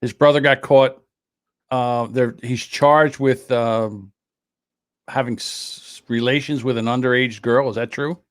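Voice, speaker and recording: A man's voice: medium pitch, fairly even intonation, measured pace, no echo. Man, mid-range voice, podcast co-host, sarcastic wisecracks, dry close mic. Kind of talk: casual chat.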